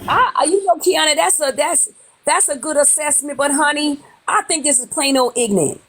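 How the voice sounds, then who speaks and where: A woman's voice: sits high, normal speed, a bit bright. A woman from New York hosting a livestream, putting on a Southern accent and talking in a blunt, sassy way, swearing freely as she comments on gossip from home. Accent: put-on Southern drawl. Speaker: livestream host. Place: at home, off camera.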